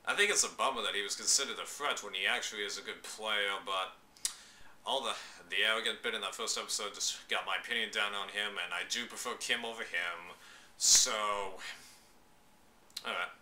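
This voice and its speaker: Bright-toned young-sounding man vlogging casually. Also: fairly low pitch. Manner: chatty, loose, slangy, exclaiming. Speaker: vlogger reviewing a reality show. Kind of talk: casual opinion vlog.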